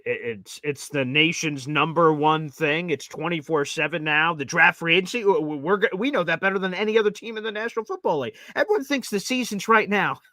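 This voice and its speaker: A man hosting a sports talk show, his voice bright and forceful and sitting a little high. He tells stories with gusto, acting out each person he quotes. The sound is close and dry. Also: fairly quick, no echo, low-quality recording. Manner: animated storyteller acting out quotes. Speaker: podcast host. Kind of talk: casual sports talk storytelling.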